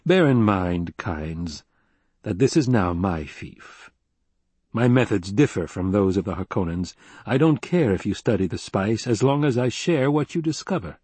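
A grim, commanding duke, as a male audiobook reader puts him on, measured and pressing in a low, husky voice. The sound is dry and close. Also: expressive, a little mellow, no echo. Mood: firm, probing. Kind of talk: audiobook character reading.

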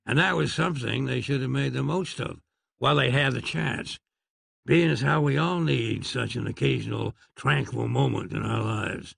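A male audiobook narrator with a wry, dry sense of humor, reading in a heavily gravelly, fry-laden voice. His tone is husky rather than clear. The recording is close and dry, with no room sound. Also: medium pitch, normal speed, fairly bright tone, no room sound, soft background music.

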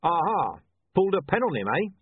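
A man voicing a blunt, irritable middle-aged watch commander who talks in a sharp, demanding way. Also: high-pitched, big pitch swings, fairly quick, slightly rough, dry recording, voice pushed up, heavily acted. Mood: curt. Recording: tinny, dry, phone-like sound.

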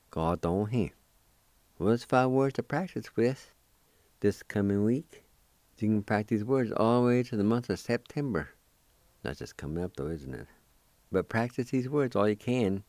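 Male radio host teaching vocabulary, low and unhurried, dark dry close-mic voice, repeats each word carefully. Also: dry recording. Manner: spells and repeats words syllable by syllable. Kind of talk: slow spelled-out word lesson.

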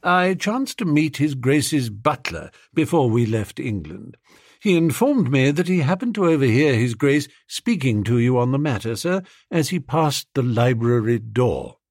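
A man voicing an unflappable, formal male valet in an audiobook, speaking in a measured, deferential way. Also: mid-range voice, sing-song, a little mellow, no echo, studio quality. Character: proper, unflappable male valet, knows everything. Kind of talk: audiobook character voice.

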